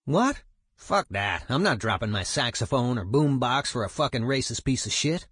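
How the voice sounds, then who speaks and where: A man's voice: mid-range voice, expressive, normal speed, fairly bright tone, slightly rough, no room sound, studio quality. A man voicing a streetwise male punk musician, telling a story in a profane, emphatic way. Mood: animated.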